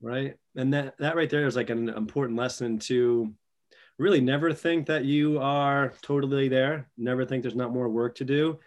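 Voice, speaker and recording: A man hosting a podcast, asking questions and reflecting in a relaxed, encouraging way with loose phrasing. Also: mid-range voice, normal speed. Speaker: podcast host. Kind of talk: casual interview conversation.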